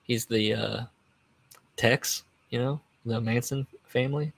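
A man's voice: medium pitch, fairly even intonation, slow, creaky. A man hosting a casual solo podcast, rambling from one aside to the next and chuckling at his own remarks. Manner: rambling and digressive, trails off and restarts. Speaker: podcast host.

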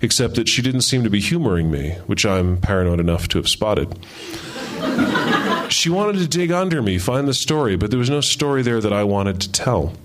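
A man reading a first-person story aloud in a measured, wry way. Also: on the low side, expressive, noisy background. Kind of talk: reading his fiction aloud.

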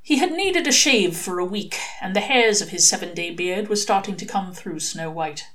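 A woman reading a short story aloud as an expressive audiobook narrator. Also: mid-range voice, normal speed. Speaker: reader.

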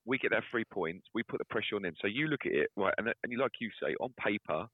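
A man's voice: on the low side, animated, quick pace, breathy edge, no room sound. A man co-hosting a football podcast in casual chat, hesitant and restarting his sentences. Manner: hesitant, repeats words as he starts sentences. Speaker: podcast co-host. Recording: tinny phone-like line.

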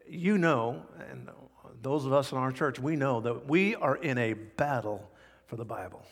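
Emphatic male pastor in a reverberant hall. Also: fairly bright tone. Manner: emphatic preaching with sudden swings in pitch and volume. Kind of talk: sermon. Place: church sanctuary.

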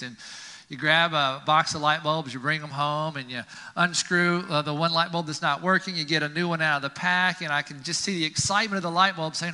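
A male pastor preaches in a folksy, conversational way, leaning on casual fillers. His voice is very bright and a little high. It carries the long reverb of a church sanctuary. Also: steady tone, fairly quick, clear, resonant tone. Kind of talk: sermon.

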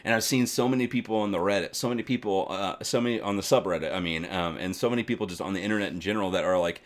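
Deep-voiced man rambling in casual chat. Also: rapid-fire. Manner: rambling, animated, swears often, many fillers.

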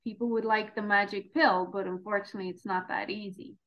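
A woman's voice: mid-range voice, fairly even intonation, a little fast, highs cut off. A woman from Ireland with an Irish accent, hosting a podcast interview and summarizing points in a down-to-earth way. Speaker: podcast host.

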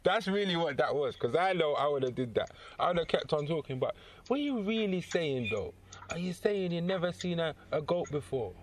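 A man's voice: fairly high pitch, brisk, a little hiss or hum. Slangy man telling stories. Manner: animated storyteller, slangy and laughing. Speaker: podcast co-host. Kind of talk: casual chat.

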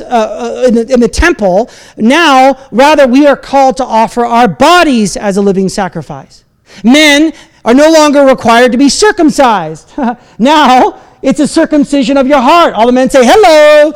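A man's voice: very high-pitched, clear, resonant tone. A man preaching a sermon as pastor, talking in a conversational, self-deprecating way with asides and laughs.

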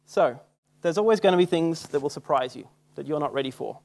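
A man's voice: fairly high pitch, lively intonation, fairly quick, vocal fry, darkish tone. A young Australian man preaching a sermon in a casual, self-mocking storytelling way. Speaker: church speaker. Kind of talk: sermon with personal stories.

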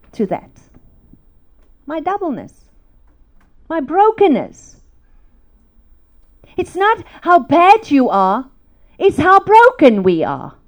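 Woman, middle-aged, preacher, emotional storytelling sermon, high voice.

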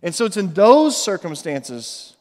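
High-voiced man preaching in an echoey hall. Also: unhurried. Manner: earnest, animated preaching with repeated phrases. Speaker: pastor. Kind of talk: sermon. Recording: echoey hall with long reverb.

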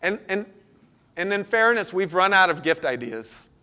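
Male pastor, slightly high voice, earnest sermon delivery with pleading prayer lines. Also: sing-song, normal speed, pushed and bright, clear, resonant tone.

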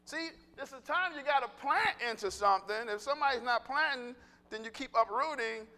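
A male pastor giving a lively, humorous sermon, talking conversationally with the congregation and laughing at his own jokes. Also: very high-pitched, a little fast. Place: church sanctuary. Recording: long reverb of a church hall.

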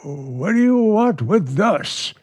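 A stammering timid husband. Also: male voice, high-pitched, very animated, slow pace, a little mellow, breathy edge, no echo, clean studio sound, heavily acted. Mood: nervous. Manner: stammering, nervous, pleading. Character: timid frightened husband, Mr. Beaker. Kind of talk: 1940s radio acting.

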